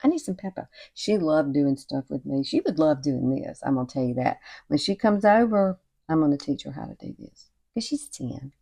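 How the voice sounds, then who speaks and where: A woman talks through a casual makeup tutorial at home. She sounds chatty and encouraging and keeps calling the viewer girl. Her voice sits a little low. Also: lively intonation, normal speed, gravelly, few pauses, mellow, husky. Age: 60s. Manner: chatty and encouraging, often says y'all and girl. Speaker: beauty vlogger. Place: home at night with cicadas outside.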